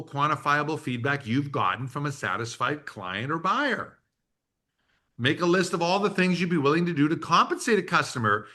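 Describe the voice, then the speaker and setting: A man in his sixties giving a business workshop, telling a story in an animated way and acting out the quotes. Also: on the high side. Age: 60s. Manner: animated storyteller who acts out quotes and laughs. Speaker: workshop presenter.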